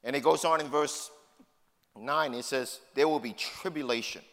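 A man's voice: mid-range voice, normal speed, fairly bright tone. A middle-aged man with a New York City accent preaching a sermon, emphatic and full of rhetorical questions. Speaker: pastor. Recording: long hall reverb.

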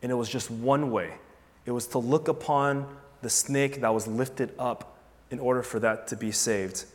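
A man preaching a sermon in a conversational, animated way, asking the listeners rhetorical questions. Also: medium pitch, moderate pace. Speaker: pastor. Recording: long hall reverb.

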